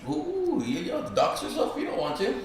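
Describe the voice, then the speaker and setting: A man's voice: very high voice, wildly swooping pitch, quick pace. A man hosting a casual livestream who jokes around and talks to the chat. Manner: joking, chatty, talks to the chat. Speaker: livestream host. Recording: echoey room, voice far from mic, faint noise.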